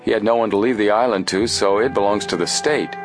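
A man voicing a gruff middle-aged male police chief in an audiobook, blunt and matter-of-fact. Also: fairly low pitch, fast talker, faint music behind, lightly acted.

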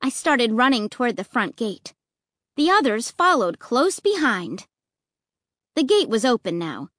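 A woman reading a children's story aloud, expressive and lively, acting out the dialogue. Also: a little high, unhurried, dry recording, studio quality. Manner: lively, voicing dialogue with rising excitement. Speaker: audiobook narrator.

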